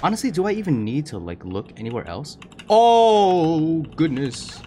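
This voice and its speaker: A young man streaming a horror game, chattering to viewers in an excitable, panicky way. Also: fairly high pitch, normal speed, a little hiss or hum. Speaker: gaming streamer. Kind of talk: horror game let's play commentary.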